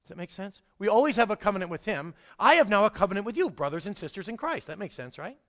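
A pastor delivers his sermon in a high, bright male voice. He talks to the congregation like a friend, checking in again and again, then rises to loud, emphatic peaks before dropping into soft, low asides. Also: big pitch swings, quick pace. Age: adult, married father. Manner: conversational, keeps checking in with the congregation.

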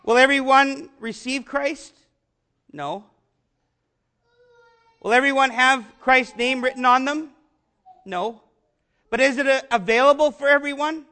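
A man preaching a sermon, asking the congregation rhetorical questions and slowing down to stress repeated phrases. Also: very high voice, sharp tone. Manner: rhetorical questions, emphatic slow repetitions. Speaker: pastor.

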